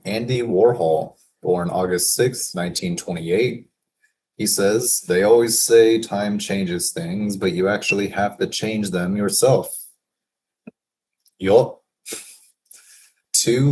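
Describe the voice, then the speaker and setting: A man in a casual solo work session, thinking aloud and reading quotes slowly, chuckling to himself now and then. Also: sits low, a little mellow, slight background noise. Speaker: business consultant reading daily quotes.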